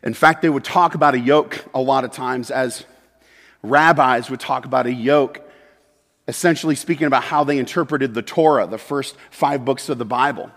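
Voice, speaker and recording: A man preaching a sermon as pastor, moving between loud emphatic peaks and quiet, confessional asides. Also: mid-range voice, moderate pace. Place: church sanctuary. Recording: long hall reverb.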